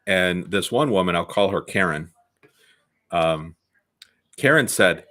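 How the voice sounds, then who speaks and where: A man's voice: sits low, animated, takes it slowly, pauses often, a bit bright. A middle-aged man, a concert photographer co-hosting a music talk show, telling a story in a rambling casual way. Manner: rambling, with many fillers and restarts.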